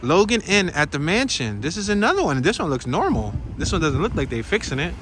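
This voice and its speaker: A man narrates a casual walking tour straight to his viewers, chatty and excitable, with slangy asides. His voice sits a bit high for a man. He records on a handheld gimbal camera outdoors, with clear street noise behind him. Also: a little fast.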